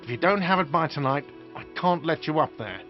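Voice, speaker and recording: A man's voice: fairly high pitch, animated, brisk, lightly acted. An actor voicing a whiny, irritable male hostel manager in a game. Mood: irritated. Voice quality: whiny, peevish. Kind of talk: game voice acting. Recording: dull lo-fi game capture with music.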